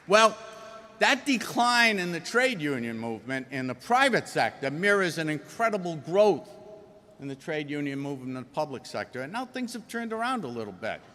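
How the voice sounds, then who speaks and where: Emphatic, folksy union speaker, man with a Rhode Island accent, slightly high voice, recorded in a reverberant hall. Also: very animated, moderate pace, sharp tone. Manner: folksy, emphatic, jokes with the audience. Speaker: union leader addressing a convention. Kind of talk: convention speech.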